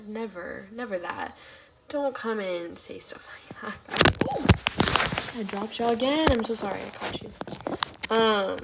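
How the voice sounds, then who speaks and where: A woman's voice: mid-range voice, noisy background. A woman of twenty-one from California chatting casually on a livestream, reactive and full of fillers, sometimes dropping to a whisper.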